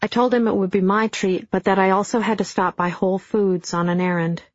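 A middle-aged woman narrating an audiobook in a dry, deadpan storytelling manner. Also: mid-range voice, brisk, no room sound. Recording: dull, dry studio sound.

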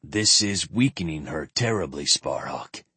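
In a storybook reading, a man voices a grave, worried squire, dropping his voice low and quiet. It sounds husky and breathy, close and dry with no echo or room sound, with lively intonation at a normal speed.

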